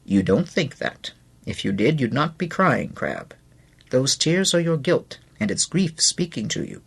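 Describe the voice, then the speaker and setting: A man voicing an older female nurse in an audiobook, gentle and plain-spoken. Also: mid-range voice, big pitch swings, a little slow, vocal fry, husky, heavily acted. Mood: gentle firm. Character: older female hospital nurse, kindly but firm. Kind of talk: audiobook character voice.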